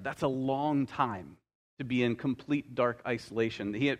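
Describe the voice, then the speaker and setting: A male pastor with a medium-pitched voice preaches a sermon, weaving stories with light humorous asides. He slows down to stress key phrases.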